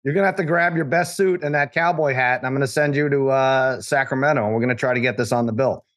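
A man's voice: mid-range voice, fast, fairly bright tone. A man hosting a casual sports talk show, rambling and often restarting his sentences. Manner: rambling, self-interrupting.

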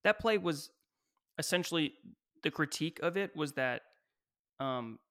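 Male podcast guest, a touch high in pitch, rambling and animated, casual chat. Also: measured pace.

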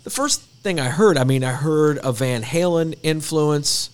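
A man's voice: fairly high pitch, a little slow, clean tone. Male podcast host, easygoing, casual, prone to stumbling restarts. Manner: easygoing, stumbling restarts, calls people dude.

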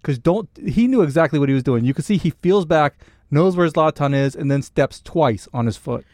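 A man's voice: fairly high pitch, lively intonation, a little fast, a little mellow, no echo, clean studio sound. A man from Canada, co-hosting a casual sports podcast in a brash, joking, swearing way. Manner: brash, swearing, laughs often. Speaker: podcast co-host.

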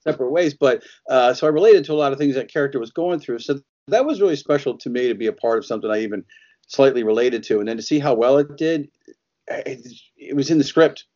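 A man's voice: mid-range voice, lively intonation, quick pace, darkish tone, muffled recording. A man who is an actor, chatting as an interview guest, laughing often and acting out quotes as he tells stories. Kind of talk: casual interview chat.

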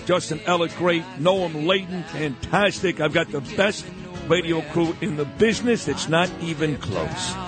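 Effusive New radio host. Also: male voice, a little high, expressive, music in the background. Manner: effusive, rapid-fire praise. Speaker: radio talk show host. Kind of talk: morning talk radio.

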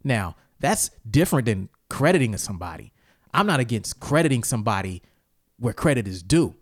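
A man of medium pitch speaks at a moderate pace in a dry, clean studio recording. Hosting a casual ranting chat, he tells heated stories with plenty of swearing and sudden bursts of anger.

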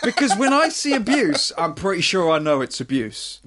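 A man chatting casually, telling stories in an animated way, laughing often. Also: high voice, normal speed. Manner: animated, laughing, swearing storyteller. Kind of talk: casual chat.

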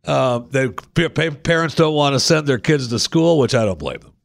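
A man's voice: medium pitch, lively intonation, normal speed, gravelly, dry recording, studio quality. A man hosting a radio talk show, chatting casually and jokingly and often repeating himself.

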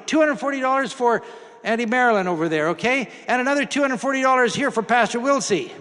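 A man preaching a sermon, drawing volunteers from the congregation into a demonstration in a folksy way that builds to loud, emphatic preaching. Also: very high-pitched, animated, fast. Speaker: pastor. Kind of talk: sermon with audience participation. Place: church hall with congregation. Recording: hall reverb.

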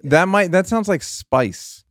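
A man hosting an interview, chatting casually and trading wry, deadpan quips. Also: high voice, slow, no echo, clean studio sound. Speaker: host.

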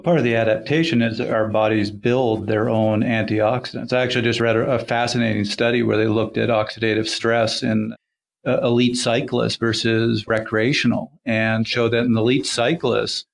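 Man, gravelly voice, mid pitch, explains research plainly. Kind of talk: casual podcast chat.

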